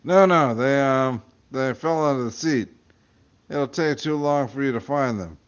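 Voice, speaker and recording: A man's voice: mid-range voice, measured pace, clean tone, muffled recording, lightly acted. A man voicing a crude, scheming little creature that smokes. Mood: offhand. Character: crude scheming small creature, chain-smoking.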